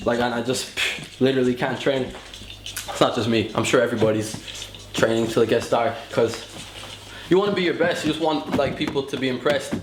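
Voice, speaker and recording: A young man talks loosely and meanders, padding his thoughts with fillers. His voice sits at an ordinary middle pitch. The room around him rings with a noticeable echo. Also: a little fast, noisy background. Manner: casual, rambling, frequent fillers. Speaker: freestyle footballer. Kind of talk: documentary interview. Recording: roomy echo.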